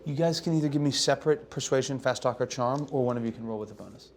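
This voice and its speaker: A game master narrating a tabletop horror game in a loose, chatty way with quick asides. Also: medium pitch, a little hiss or hum.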